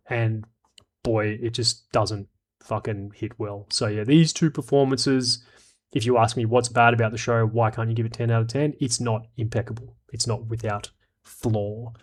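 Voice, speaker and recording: A man's voice: mid-range voice, fairly even intonation, moderate pace. A man giving casual commentary on a TV show and reading viewer comments, rambling and frank, with plenty of swearing.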